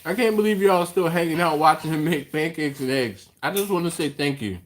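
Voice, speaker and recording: A man's voice: a little high, brisk. A man with an American accent hosting a casual live stream from a home kitchen, teasing his co-host and reading viewer comments aloud.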